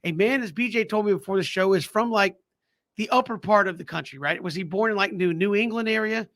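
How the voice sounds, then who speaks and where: High, bright-voiced sports radio host. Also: male voice, fairly quick. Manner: lively, laughs often. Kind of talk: casual sports talk.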